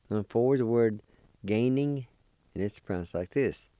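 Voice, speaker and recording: Recorded dry at studio quality, this mid-range, mellow male voice moves at a normal pace. He's a radio language teacher from Oklahoma, United States, patiently spelling words and repeating each syllable in a slow lesson.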